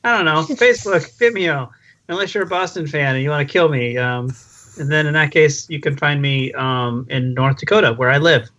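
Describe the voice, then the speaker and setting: A man with a fairly high, bright voice rambles through casual podcast chat. He jokes and pokes fun at himself. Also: moderate pace, dull audio. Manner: self-deprecating, rambling, jokey. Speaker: podcast guest.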